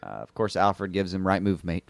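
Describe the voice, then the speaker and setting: A man's voice: low-pitched, lively intonation, normal speed, vocal fry, no room sound. A man co-hosting a podcast, wry and casual, swearing and chuckling as he reviews an episode. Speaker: podcast co-host.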